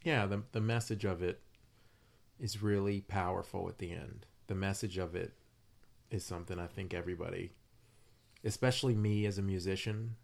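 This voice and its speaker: A man in his forties who works as a musician, co-hosting a casual movie review podcast in a relaxed, conversational way. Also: low voice, normal speed, creaky.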